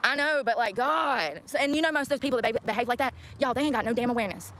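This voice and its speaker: A woman's voice: a little high, rapid-fire, a bit bright. A young woman vlogging outdoors, venting at viewers in a blunt, profane rant. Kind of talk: venting to the camera. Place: outdoors by a road. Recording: clear outdoor traffic noise.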